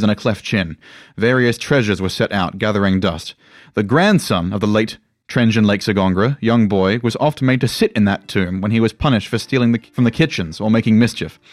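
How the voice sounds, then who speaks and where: A man narrating a fantasy story in a measured, dramatic way. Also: on the low side, dry recording, clean studio sound.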